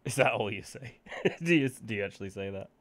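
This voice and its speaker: A man narrating as game master of a tabletop game, measured and unhurried with small fillers. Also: on the low side, lively intonation.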